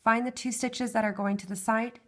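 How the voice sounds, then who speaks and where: A woman's voice: fairly high pitch, steady tone, moderate pace. A woman giving a step-by-step craft tutorial, patiently explaining each hand movement and counting stitches aloud, her voice worn and fading. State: losing her voice.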